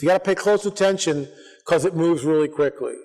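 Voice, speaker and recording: Male conference speaker, slightly high voice, loose rambling storyteller, church-hall reverb. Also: a little fast. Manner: rambling, animated, acts out quoted voices.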